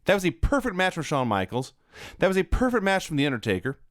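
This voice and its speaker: High-voiced man gushing about a match. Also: big pitch swings, quick pace, no echo. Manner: dry quips, then earnest gushing praise. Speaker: wrestling podcast co-host. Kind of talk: casual review chat.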